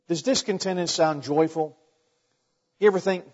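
A pastor preaching a sermon in a conversational way, asking the congregation rhetorical questions and adding joking asides. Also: male voice, fairly high pitch, moderate pace, darkish tone. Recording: dull long reverb in a large hall.

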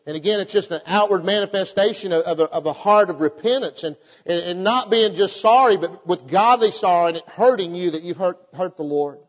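Pastor preaching, folksy then fired up, high voice, muffled echoey church sound. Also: male voice. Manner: folksy storytelling building to fervent preaching. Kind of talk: sermon.

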